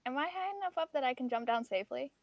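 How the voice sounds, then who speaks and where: Hesitant high-voiced woman player. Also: lively intonation, very fast, no room sound. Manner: hesitant, stumbling starts, giggly. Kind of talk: playing a tabletop role-play game.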